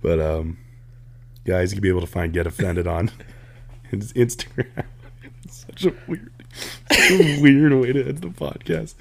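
A man's voice: fairly low pitch, unhurried, gravelly, pauses often. A young man co-hosting a podcast, telling stories casually, laughing often and acting out quotes, sounding tired. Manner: laughs often, animated storytelling with voiced quotes. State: tired, drowsy. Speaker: podcast co-host.

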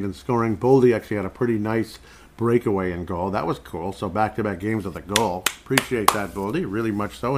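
A man hosting a sports podcast in a loose, rambling way. His voice sits a little low, and he chuckles often as he thinks out loud. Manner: rambling, chuckles between thoughts. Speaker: podcast host. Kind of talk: casual sports chat.

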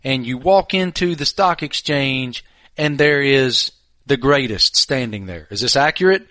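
A man hosting a podcast, asking his guest questions in an expressive way. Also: mid-range voice, a little slow, no echo, clean studio sound. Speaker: podcast host. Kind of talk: interview questions.

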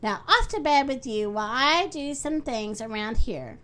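A woman voicing an eager, fussy little woman who meddles constantly, with bright, high exclamations. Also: expressive, moderate pace. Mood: fussing.

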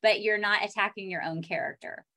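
Calm woman explaining relationships. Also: medium pitch, a little fast. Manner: calm, explanatory, acts out example dialogue. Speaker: relationship expert guest. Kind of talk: podcast conversation.

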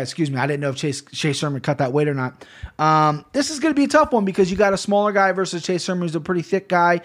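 A man from Ohio hosting a betting podcast, talking casually, rambling, swearing and often correcting himself. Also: on the high side. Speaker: podcast host picking fight bets.

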